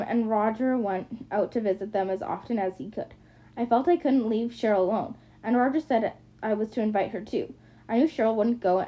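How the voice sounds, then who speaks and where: A woman narrates a novel in the first person in a somewhat high voice. She reads plainly and often stumbles and restarts lines. The recording sounds dull and lo-fi. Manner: plain reading with frequent restarts. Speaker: audiobook reader. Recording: muffled lo-fi recording.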